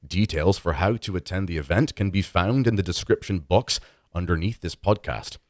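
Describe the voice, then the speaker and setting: A man's voice: deep voice, normal speed, dry recording, studio quality, lightly acted. A man doing a regal Irish priest. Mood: stately. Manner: regal, stately delivery.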